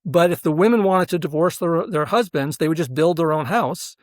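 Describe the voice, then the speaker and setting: A man with a slightly raised pitch talks through his ideas in a dry, close-sounding recording. He explains earnestly, leans on fillers, and keeps checking in with "right?" as he builds his argument. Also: fairly quick, no room sound. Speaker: professor and researcher, interview guest. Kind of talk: explanatory interview talk.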